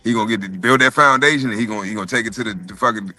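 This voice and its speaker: Man, quick animated storyteller, bright tone, dry booth sound, casual and profane. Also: fairly low pitch, no room sound. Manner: animated, profane, repeats words often. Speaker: podcast co-host telling a story.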